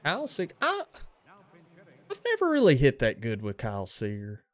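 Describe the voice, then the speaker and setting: A man's voice: mid-range voice, moderate pace. Laid-back Louisiana man streaming a game. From western Louisiana. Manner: relaxed, chatty, reacting to plays and greeting chat. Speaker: gaming livestreamer. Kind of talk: casual game commentary and chat with viewers.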